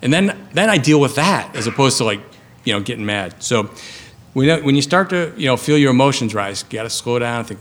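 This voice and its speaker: A man's voice: medium pitch, expressive, fairly quick, a bit bright, slight background noise. A man in his fifties, a surgeon giving a conversational lecture to residents in a hall, often checking in with "right?". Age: 50s. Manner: conversational, ends points with "right?". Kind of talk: lecture to a live audience.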